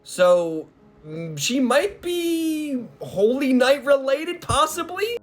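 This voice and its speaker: A man recapping a comic chapter in a slangy, excitable casual chat. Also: very high voice, takes it slowly, soft background music. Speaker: manga recap host.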